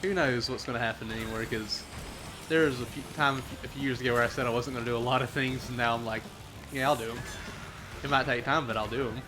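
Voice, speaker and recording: A man's voice: mid-range voice, steady tone, quick pace, music in the background. A man from the Southern United States chatting casually on a gaming livestream, rambling, answering chat and laughing often.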